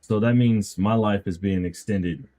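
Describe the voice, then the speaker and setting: A man's voice: fairly low pitch, measured pace, dark tone. A man in casual chat on a stream, speaking in an earnest, reflective way. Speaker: guest in chat.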